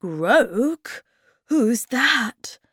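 A woman voicing a kind, clever male creature who explains things calmly. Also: mid-range voice, takes it slowly, dry recording, clean studio sound, voice pushed up. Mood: kindly. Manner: calm, kindly explaining.

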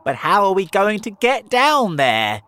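A man's voice: high voice, huge pitch swings, measured pace, pushed and bright, clean tone, voice pushed up, exaggerated voice. A man voicing an anxious, worrying earthworm in a storybook reading. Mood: worried.

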